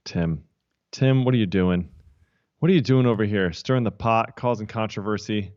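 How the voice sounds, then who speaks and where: A lower-pitched man talking in a loose, rambling, friendly way, hopping between thoughts with lots of "like" and "you know". The sound is dry and a bit dull and lo-fi, as over a call. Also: moderate pace, a little mellow, dry recording. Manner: chatty, rambling storyteller with many fillers and laughs. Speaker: podcast co-host. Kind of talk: casual tech podcast chat.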